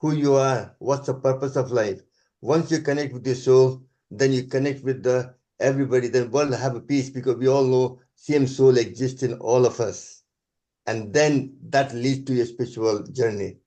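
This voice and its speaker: A man with a Scottish accent giving an earnest, halting spiritual talk over a video call. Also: mid-range voice, fairly even intonation, dark tone. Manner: earnest, halting, restarts sentences. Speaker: guest speaker.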